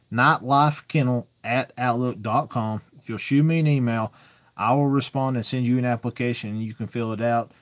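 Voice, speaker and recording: A man's voice: medium pitch, moderate pace, dry recording. Folksy man hosting a live Q&A. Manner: folksy, rambling, plainspoken. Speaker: host answering viewer questions. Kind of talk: casual live-stream Q&A.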